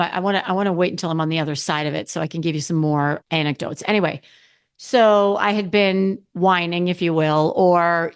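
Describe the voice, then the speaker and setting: Clear and resonant, her low-leaning voice carries this middle-aged woman's casual solo podcast. She speaks candidly, rambles, and frequently restarts or corrects herself.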